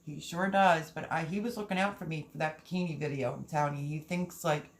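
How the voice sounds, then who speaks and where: A woman's voice: deep voice, fast talker, slight background noise. A woman hosting a gardening channel live stream, chatting casually and reading viewer comments aloud.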